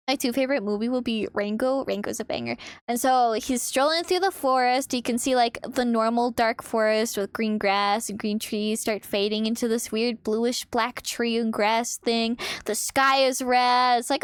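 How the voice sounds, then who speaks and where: A young woman chatting casually on her art stream, animated and expressive, swearing freely. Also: high-pitched, moderate pace, clean tone, no room sound, studio quality.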